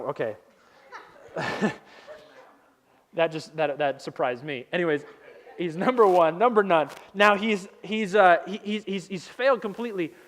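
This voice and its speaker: A man's voice: high-pitched, a bit bright. A male pastor giving a sermon, telling stories in a casual, humorous way with slang.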